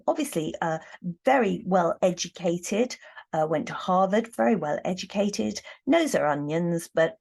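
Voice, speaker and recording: A woman reading tarot cards in a casual, thoughtful monologue, pausing often and restarting her sentences. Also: on the low side, a little mellow. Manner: thoughtful, hesitant, many ums and restarts. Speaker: tarot reader.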